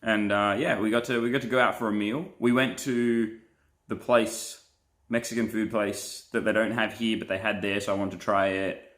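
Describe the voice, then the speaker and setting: Playful man with a low voice. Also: steady tone, moderate pace, a bit bright. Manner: playful, joking, laughs often. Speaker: pastor and live streamer. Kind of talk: casual live-stream chat reading viewer comments.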